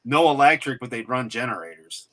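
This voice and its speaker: Bright-voiced joking podcast man. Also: mid-range voice, lively intonation, a little fast. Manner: crude joking, rambling, trails off. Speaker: podcast host. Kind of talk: casual chat.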